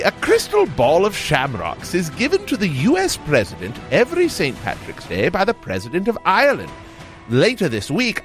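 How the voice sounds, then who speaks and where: Lively playful man hosting radio. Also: fairly high pitch. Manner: playful, mock-professorial, laughing. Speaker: radio co-host. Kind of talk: comic scripted segment.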